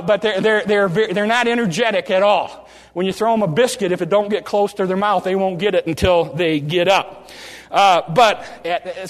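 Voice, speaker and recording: A man with a high voice preaches in a folksy, animated way, drawing out key phrases and stumbling through quick restarts. His voice rings through a large church with long reverb trailing after each line. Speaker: pastor. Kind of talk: sermon. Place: church sanctuary.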